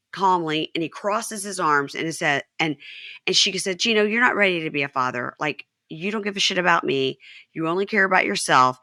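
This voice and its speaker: Bright-voiced woman hosting a chatty recap. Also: lowish voice, no echo, clean studio sound. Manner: animated retelling, quoting dialogue. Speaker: podcast host. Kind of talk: casual chat recapping a show.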